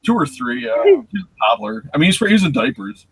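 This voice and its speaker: A man in his forties, hosting a casual chat show and telling a lively story in which he acts out voices and sounds. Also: high voice, fairly quick, vocal fry, a crowd in the background. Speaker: show host.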